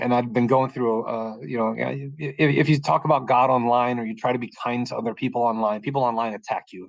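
A middle-aged man from the United States telling a personal faith testimony in a calm, soft-spoken way, often pausing and restarting as he gets emotional. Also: mid-range voice, no room sound. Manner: halting and emotional, frequent restarts. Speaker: podcast guest sharing testimony. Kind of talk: personal testimony, casual storytelling.

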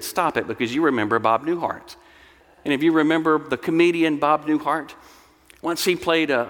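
A male pastor delivers an earnest sermon, explaining scripture and slipping into storytelling asides. His voice sits fairly high for a man. It rings through a long hall reverb, as in a church sanctuary. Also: a bit bright.

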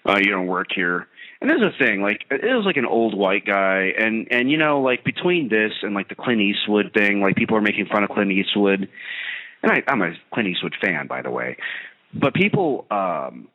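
A man's voice: on the low side, normal speed. Ranting man on a tinny radio line. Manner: ranting, sarcastic, animated storytelling. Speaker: radio talk show host. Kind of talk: comedic monologue.

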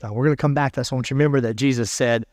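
A male pastor preaching a sermon in a conversational way, reading scripture aloud with pauses. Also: mid-range voice, steady tone, no echo, clean studio sound.

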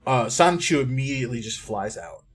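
A man's voice: mid-range voice, animated, a little fast, husky. A man running a tabletop game as game master, describing scenes with frequent ums. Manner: descriptive, hesitant with many ums.

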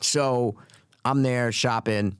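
A man's voice: medium pitch, steady tone, takes it slowly, clean tone, dry recording, clean studio sound. A young man co-hosting a podcast, telling a rambling story in casual chat, swearing often and acting out what people said. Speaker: podcast co-host.

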